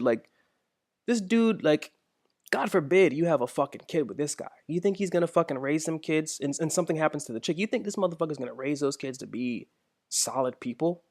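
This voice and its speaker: A man's voice: a little high, expressive, brisk, darkish tone, no room sound, studio quality. A young man hosting a podcast, ranting casually with heavy profanity, emphatic and repetitive. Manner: profane, emphatic, repeats himself. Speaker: podcast host. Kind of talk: casual monologue rant.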